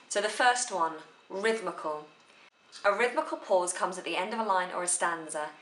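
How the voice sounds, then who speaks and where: A woman giving a spoken theory lesson for a drama exam, explaining slowly and deliberately. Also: lowish voice, a bit bright. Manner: slow, careful, deliberate delivery. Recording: echoey room.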